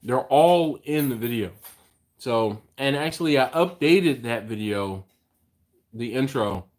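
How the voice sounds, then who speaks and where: A man's voice: mid-range voice, animated, unhurried, darkish tone. Teasing American man hosting a live stream. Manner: teasing, reads viewer comments aloud. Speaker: host. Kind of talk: casual live stream chat.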